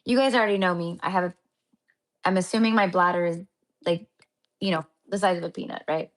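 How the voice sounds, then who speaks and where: Brisk and steady in tone, this fairly low-voiced woman talks casually to her viewers while hosting a spiritual healing livestream. Her speech wanders, full of fillers and restarted sentences, and she calls people honey and my love again and again.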